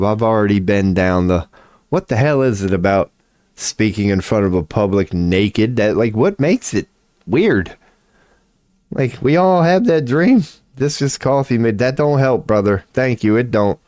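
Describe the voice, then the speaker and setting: A man's voice: lowish voice, a little slow, a little mellow, no echo, studio quality. A man in his forties chatting casually on a livestream, rambling and profane, laughing often as he talks. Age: 40s. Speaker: streamer.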